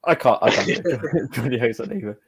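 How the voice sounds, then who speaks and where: Male host, casual banter, husky tone, mid pitch, lots of laughter. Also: very animated. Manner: laughing, halting restarts. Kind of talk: casual chat.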